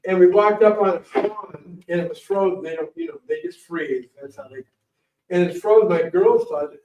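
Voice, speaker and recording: A man speaking as a guest to an audience, telling rambling, animated stories. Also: high-pitched, normal speed, slight background noise. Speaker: guest speaker, morel hunting champion. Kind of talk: casual storytelling talk to an audience. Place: library meeting room. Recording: roomy, distant, dull room recording.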